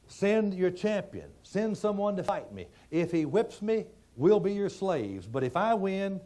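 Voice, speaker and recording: A man voicing a boastful male giant warrior who slowly and loudly taunts his enemies. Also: high voice, very animated, pitched above the performer's own voice. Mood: taunting.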